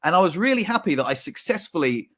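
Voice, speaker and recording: A man talks through a personal story in a casual podcast chat. He is reflective and sometimes acts out his own thoughts. His voice sits a little high. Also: sing-song, fast, pushed and bright. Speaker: podcast co-host.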